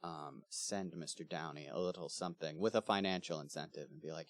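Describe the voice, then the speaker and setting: A podcast co-host in casual book club chat, teasing and drawling, often trailing off softly. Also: extremely low pitch, fairly quick, no echo, studio quality.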